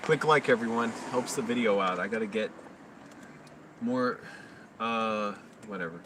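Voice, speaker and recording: A man's voice: on the low side, measured pace. Brief: rambling male live-streamer, casual chat, slightly distant mic with faint noise. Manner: rambling, loose talk full of fillers.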